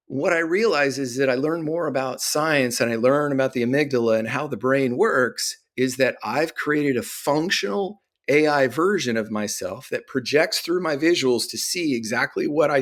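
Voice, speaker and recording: A man hosts a talk podcast, sharing personal reflections in a thoughtful, measured way. His voice sits at an average middle pitch for a man. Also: fairly bright tone. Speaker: podcast host.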